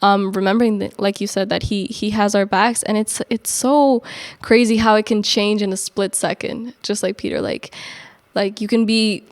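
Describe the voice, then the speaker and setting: A woman's voice: mid-range voice, fairly even intonation, normal speed. Reflective young woman talking faith. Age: young adult. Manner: reflective, many fillers like "like". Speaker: faith podcast co-host. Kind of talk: casual faith discussion.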